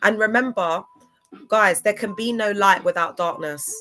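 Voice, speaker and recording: A woman's voice: mid-range voice, unhurried, a bit bright. Slangy woman rambling on a livestream. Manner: slangy, chatty, loose and digressive. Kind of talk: rambling livestream talk to viewers.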